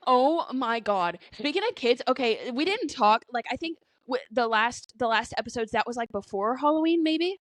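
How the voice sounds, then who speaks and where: A woman's voice: a little high, animated, normal speed, few pauses, dry recording. Rambling, profane woman chatting. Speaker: podcast co-host. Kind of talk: casual chat.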